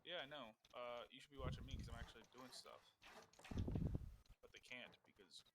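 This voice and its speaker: Young male gamer, goofy and joking, mid-pitched voice buried in loud background noise. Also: steady tone, fairly quick. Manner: goofy, joking, mumbled asides. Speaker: streamer's gaming friend. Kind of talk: casual gaming banter.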